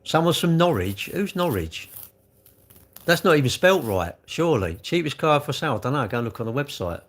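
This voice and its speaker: A man's voice: medium pitch, animated, brisk. A man hosting a live stream, chatting casually and answering comments in a rambling, jokey, self-deprecating way. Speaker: livestream host.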